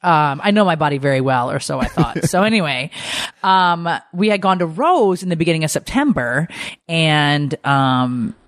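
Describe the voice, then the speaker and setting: A woman's voice: deep voice, normal speed, no room sound, studio quality. Chatty storytelling woman in her forties. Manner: chatty, animated, tells stories with lots of asides. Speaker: podcast host. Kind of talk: casual storytelling chat.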